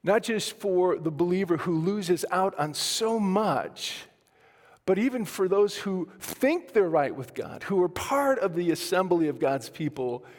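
High-voiced man preaching in a reverberant hall. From Colorado, USA. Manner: storytelling with self-deprecating humor, many restarts. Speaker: pastor. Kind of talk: sermon.

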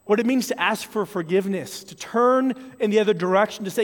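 A high-pitched male pastor delivers an earnest, measured sermon. He slips into sample apologies and prayers to show his point. A long hall reverb trails behind his voice.

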